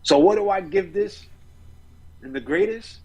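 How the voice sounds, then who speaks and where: Husky-voiced male podcast co-host. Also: sits high, a little slow, a little mellow, rough recording. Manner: enthusiastic, rambling, swears casually. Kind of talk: casual wrestling review chat.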